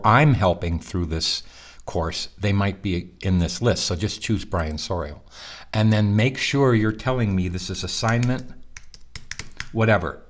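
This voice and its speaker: Middle-aged guy professor, morning voice, clears throat, low and chatty, walks students thru the course. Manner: conversational, reassuring, with fillers and restarts. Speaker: college professor. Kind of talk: recorded online course walkthrough.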